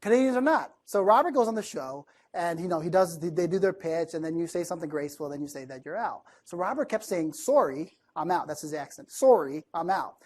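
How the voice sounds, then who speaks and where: A man from the East Coast of the United States giving a conversational keynote talk to a room of listeners, chatty and lively, often asking the audience questions. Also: on the high side, fast, few pauses. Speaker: keynote speaker.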